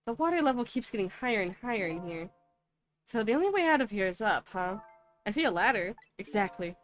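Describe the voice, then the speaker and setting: A woman voicing a calm, determined young female detective in a video game, steady and matter-of-fact. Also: medium pitch, brisk, faint music behind, close to an everyday voice. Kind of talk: video game dialogue read aloud.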